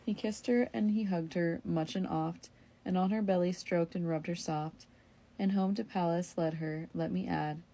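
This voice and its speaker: A woman reading an old verse tale aloud in a steady, measured storytelling manner. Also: lowish voice. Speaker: reader.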